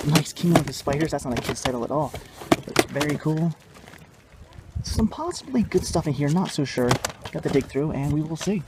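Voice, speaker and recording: Young guy vlogging outside with a handheld cam, kinda high voice, hyped and rambly. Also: moderate pace, very noisy. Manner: enthusiastic, repeats "very cool" and "awesome"; rambling, self-correcting. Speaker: vlog host. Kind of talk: casual vlog narration. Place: outdoors at a yard sale and park.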